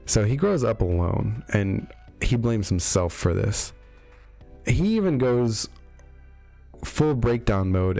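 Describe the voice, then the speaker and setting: A man's voice: fairly low pitch, darkish tone. A man casually recapping a game story for his video, with wry, sarcastic jokes and lots of fillers. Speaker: video host reviewing game lore. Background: faint background music.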